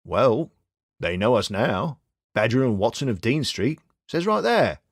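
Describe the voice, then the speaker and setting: A steady, shrewd young detective, read by a male narrator, who gives blunt advice in a voice. His tone is wry and reassuring, and his pitch moves with a lively rise and fall. The recording is dry and close. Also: a little slow, dry recording.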